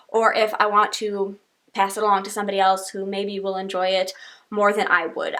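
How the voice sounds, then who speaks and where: A woman's voice: mid-range voice, a bit bright. A young woman chatting casually through a book wrap-up, rambling with lots of "like" fillers. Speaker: book reviewer. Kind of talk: casual monthly reading wrap-up.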